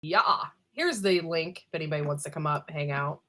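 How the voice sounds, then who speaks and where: Hosting a laid-back livestream, a woman greets her viewers by name one at a time while rambling through asides full of ums and unfinished thoughts. Her voice sits low and sounds sharp, and she keeps a moderate pace.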